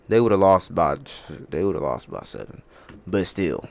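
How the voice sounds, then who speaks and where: A young man hosting a casual sports podcast on his own, talking in a loose, profane way that swings between loud outbursts and low muttering. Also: lively intonation, a little slow, vocal fry. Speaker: podcast host. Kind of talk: casual sports talk monologue.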